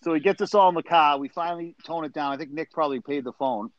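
A man's voice: fairly high pitch, quick pace, no room sound, lo-fi sound. Profane man telling stories. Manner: profane, animated storyteller. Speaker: podcast co-host. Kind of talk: casual storytelling chat.

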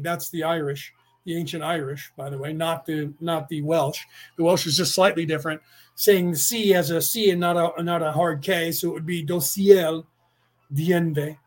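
A man speaking slowly in a rambling spiritual monologue, full of restarts and chanted incantations. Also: a little high, steady tone, darkish tone. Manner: slow, deliberate, with many restarts and chanted incantations.

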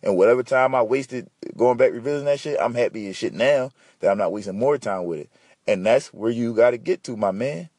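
A man hosting a podcast, ranting and telling stories in a slangy, profane, animated way. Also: mid-range voice, brisk, husky, no echo, clean studio sound. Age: adult. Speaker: podcast host. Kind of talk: casual solo podcast rant.

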